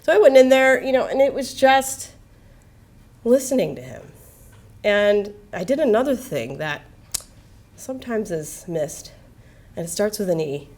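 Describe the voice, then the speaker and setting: A woman physician giving a medical lecture in a casual, candid, lively way, full of slang and asides. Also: mid-range voice, a little slow, long pauses. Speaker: palliative care physician.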